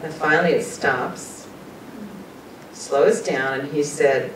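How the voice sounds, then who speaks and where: A woman's voice: slow, pauses often. A woman giving a talk and telling a personal story in an earnest, conversational way, sometimes emotional. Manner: earnest, conversational, often laughs and quotes people. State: emotional, choking up at times. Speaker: guest speaker sharing personal experiences. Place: meeting room at a talk. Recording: far-off echoey room with rumble.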